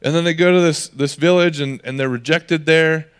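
A man preaching a conversational sermon as pastor, animated and lively, slipping into the voices of the people he quotes. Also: a little high, moderate pace, clear, resonant tone.

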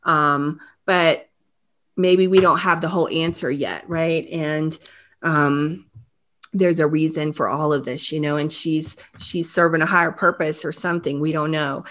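A woman hosting an interview, talking haltingly with many restarts, close to tears. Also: deep voice, fairly even intonation, a bit bright, a little hiss or hum. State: emotional, near tears. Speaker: host. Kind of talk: emotional interview about a crime case.

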